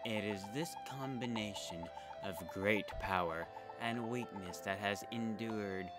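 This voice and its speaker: Casting: man as a solemn temple guide, lowered, hushed, drawn-out delivery. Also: over loud music, close to an everyday voice. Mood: ceremonious. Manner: slow, hushed and ceremonious. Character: solemn male temple tour guide, grandiose. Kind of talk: reading game dialogue aloud.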